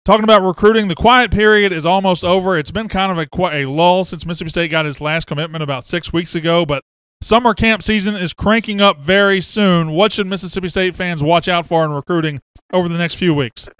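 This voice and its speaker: A man hosting a sports podcast, excitable and brash, speaking from a studio. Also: sits high, brisk, smooth, dry recording. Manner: excitable, brash, loud bursts. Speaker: podcast host. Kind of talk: energetic sports podcast talk.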